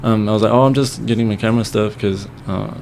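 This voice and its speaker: A man's voice: fairly low pitch, fairly even intonation, fast talker, creaky, a little mellow, slight background noise. A young man talking as a podcast guest, telling a story in casual chat, swearing freely and dropping Spanish phrases into his English.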